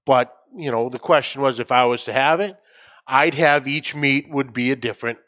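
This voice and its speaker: A man's voice: medium pitch, moderate pace, fairly bright tone. A man from New England co-hosting a barbecue podcast, chatting casually and rambling with repeated words. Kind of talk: casual chat.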